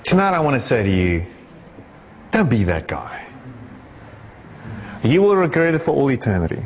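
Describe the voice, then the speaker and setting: A man preaching a sermon with passion, his delivery soaring and then dropping into a low, conversational tone. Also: very animated, normal speed, slight background noise. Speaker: pastor. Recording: echoey hall with long reverb.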